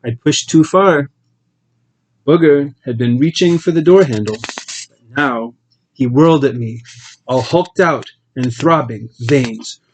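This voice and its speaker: A man narrating an audiobook in a measured, steady storytelling voice. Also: medium pitch, a little hiss or hum, rough recording. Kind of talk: scripted narration.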